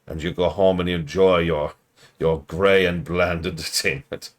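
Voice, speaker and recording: A man streaming a game review, rambling through jokey riffs with deadpan asides. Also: deep voice, moderate pace. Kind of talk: casual livestream commentary.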